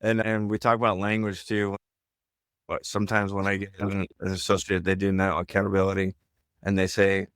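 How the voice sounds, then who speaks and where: A man's voice: low voice, level tone, normal speed, fairly bright tone, smooth, no room sound, studio quality. A man co-hosting a podcast in casual chat, emphatic and coaching, often checking in with "right?". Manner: coaching, emphatic, tag questions. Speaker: podcast co-host.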